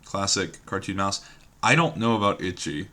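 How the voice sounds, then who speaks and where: A man with a lower voice and a bright, forceful edge talks himself through a word puzzle, repeating words under his breath and trailing off mid-thought. Faint keyboard typing and a soft room hum sit behind him. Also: moderate pace. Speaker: puzzle game streamer. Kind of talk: thinking aloud while solving a word puzzle.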